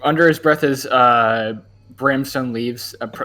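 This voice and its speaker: A man's voice: mid-range voice, steady tone, normal speed, bright, forceful tone. A man playing a tabletop game, talking casually and wryly. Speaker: player.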